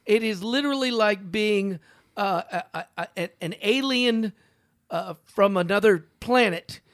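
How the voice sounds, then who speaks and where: This is a man with a noticeably high voice co-hosting a comedy podcast. He jokes freely and keeps chiming in with quick bursts of agreement. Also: fairly bright tone, dry recording, clean studio sound. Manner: joking, lots of quick agreeing interjections. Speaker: podcast co-host. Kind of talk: casual comedy chat.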